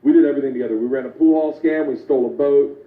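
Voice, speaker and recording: A man's voice: medium pitch, steady tone, very fast, background noise. A man telling a stand-up story to a live audience, brash and profane, often laughing at his own punchlines. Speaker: stand-up comedian. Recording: tinny phone-like echoey live recording.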